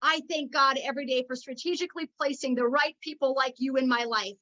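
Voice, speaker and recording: A woman's voice: sits high, steady tone, fairly quick, pushed and bright, muffled recording. A middle-aged woman giving an emotional, preachy motivational talk at a network marketing meeting. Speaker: network marketing team leader.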